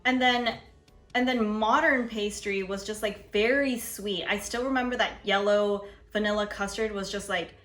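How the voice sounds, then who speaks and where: A woman's voice: medium pitch, moderate pace, fairly bright tone, faint music behind. A young woman who hosts a food show, chatting casually about her old videos and laughing often. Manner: chatty, laughing, lots of "like" fillers. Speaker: food video producer and host.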